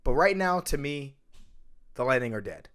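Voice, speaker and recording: A man hosting a casual sports podcast, ranting emphatically and swinging between loud outbursts and low mutters. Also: big pitch swings, normal speed, clear, resonant tone. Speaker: podcast host.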